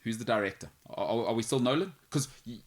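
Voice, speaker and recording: A man's voice: mid-range voice, fast. A man co-hosting, chatting casually and poking fun at himself. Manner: joking, self-mocking banter. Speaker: co-host. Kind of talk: casual chat.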